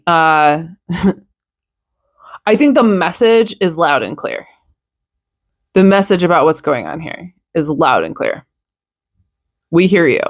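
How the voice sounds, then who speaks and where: A tired young woman hosts her own news podcast and rants bluntly in casual, profane talk. Her voice sits low for a woman, and the recording is dry and close on the mic. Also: no echo. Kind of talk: casual opinion monologue.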